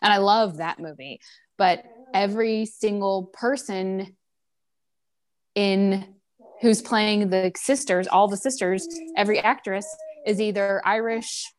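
A woman's voice: medium pitch, steady tone, slow. A woman co-hosting a podcast in casual chat, opinionated and emphatic. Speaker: podcast co-host.

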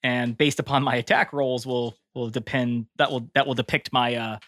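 A man's voice: medium pitch, fairly even intonation, normal speed, a bit bright, dry recording. A man playing a tabletop game while fighting the hiccups, rambling and correcting himself. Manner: rambling, self-correcting, chuckling. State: has the hiccups. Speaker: player. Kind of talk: casual tabletop game chat.

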